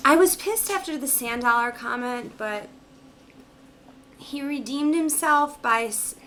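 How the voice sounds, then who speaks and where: Woman, bright tense voice, animated profane storyteller, slight background noise. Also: mid-range voice. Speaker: vlogger. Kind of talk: casual storytelling.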